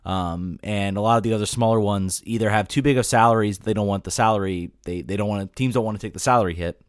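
A man hosting a casual sports podcast, animated and quick to laugh, often repeating himself as he talks. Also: lowish voice, dry recording, clean studio sound. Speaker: podcast host.

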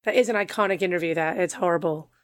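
A woman co-hosting a comedy podcast, chiming in with quick, expressive reactions. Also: lowish voice, no room sound, clean studio sound. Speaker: podcast co-host. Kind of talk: comedic casual chat.

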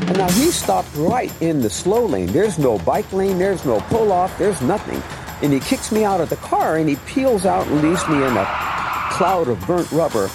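Animated man telling his testimony. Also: sits high, normal speed, over loud music. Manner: vivid storyteller, acting out dialogue. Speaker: preacher giving his testimony.

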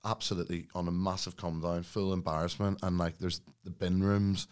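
A man, a podcast guest, telling a story in casual chat, animated, acting out quoted lines and laughing as he goes. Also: deep voice, a little fast, clean tone.

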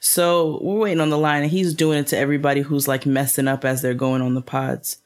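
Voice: medium pitch, flat delivery, brisk. A co-host chatting casually and laughing along. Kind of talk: casual chat.

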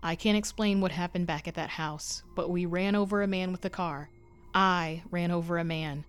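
A woman voicing a scared but firm young aunt who keeps urging calm in an audio story. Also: fairly low pitch, moderate pace, clear, resonant tone, faint music behind, lightly acted.

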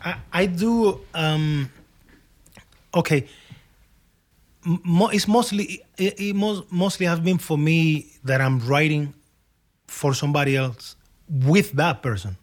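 A man from Cuba, a guest musician in a casual interview over a video call, telling animated stories with frequent restarts and acted-out dialogue. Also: fairly high pitch, slow pace, long pauses.

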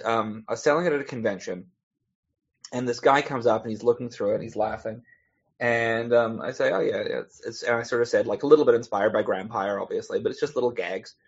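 A man chats as a podcast guest, his voice husky and a little breathy. He rambles through stories, stumbling over restarts and laughing as he goes. The audio is dull and lo-fi. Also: medium pitch. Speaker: podcast guest, comic author. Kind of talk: casual chat.

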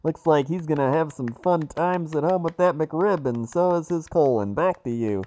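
A man voicing a brash male helicopter traffic reporter with a rapid, joking news-report delivery. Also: fairly high pitch, a little mellow, close to an everyday voice. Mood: hyped.

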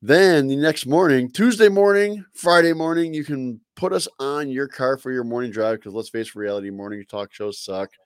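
A man co-hosting a sports fan podcast in a laid-back, jokey way, with sudden loud outbursts. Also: mid-range voice, moderate pace, few pauses, smooth, dry recording, clean studio sound. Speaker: podcast co-host. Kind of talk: sports fan chat and show sign-off.

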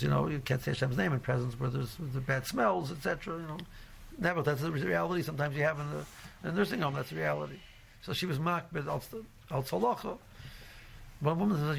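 A man teaches an informal Torah class in a somewhat raised voice with a rough, gravelly edge. He rambles through his points with constant "you know"s and restarts. He slips Hebrew and Yiddish terms into his English as he goes. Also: on the high side, fairly bright tone, a little hiss or hum. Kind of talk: informal religious lecture.

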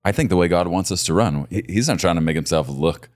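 A man hosting a podcast, chatting casually and warmly affirming his guest, laughing easily as he talks. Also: sits low, fast. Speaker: podcast host. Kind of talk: casual chat.

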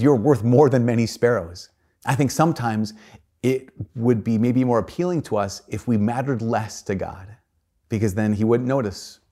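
A man's voice: lowish voice, darkish tone. A man, a priest, giving a homily in an earnest storytelling manner, with shifting emphasis.

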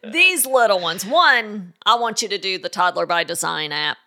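A woman's voice: mid-range voice, lively intonation, normal speed, pushed and bright. A woman co-hosting a parenting podcast, giving practical, firm advice in a casual chat and laughing easily.

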